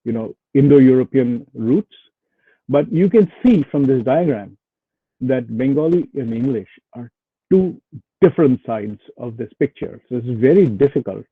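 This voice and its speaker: A man's voice: medium pitch, breathy edge, dry recording. A man giving a webinar lecture to students, explaining poetic meter step by step. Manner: explanatory, walks through examples step by step. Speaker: guest lecturer. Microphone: video call. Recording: dry tinny phone-like audio.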